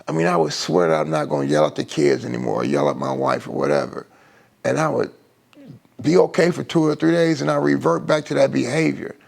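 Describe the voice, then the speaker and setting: A middle-aged man with a deeply gravelly, creaky voice tells his own recovery story live. He speaks at a middling pitch and halts often, circling back and restarting his sentences as the feeling catches up with him. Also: animated, darkish tone. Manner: halting, with many restarts and fillers. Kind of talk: emotional personal testimony on a live stream.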